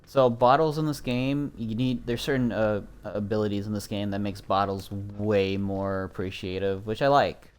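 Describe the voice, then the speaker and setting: A man's voice: lowish voice, moderate pace, hardly any pauses, clear, resonant tone. A young man from Minnesota casually commenting while he plays a horror game, chatting with viewers and swearing now and then. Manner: relaxed, chatty, swears often. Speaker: streamer.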